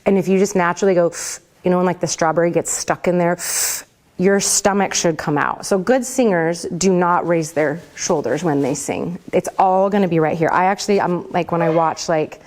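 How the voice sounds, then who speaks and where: A woman's voice: on the low side, moderate pace, darkish tone. Chatty woman teaching a vocal class. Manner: chatty, laughs often, rambling asides. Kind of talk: casual teaching talk. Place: classroom with a group.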